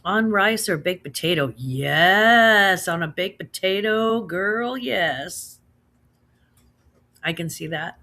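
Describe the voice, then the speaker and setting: A chatty woman in her thirties with a Midwestern American accent, hosting a relaxed livestream from home. Her voice is bright and forward. She talks in a loose, friendly way, slips into slang and laughs easily between comments. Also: fairly low pitch, slow pace. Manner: chatty, laughs often, says girl and slaps. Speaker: livestream host reading chat. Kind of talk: casual chat.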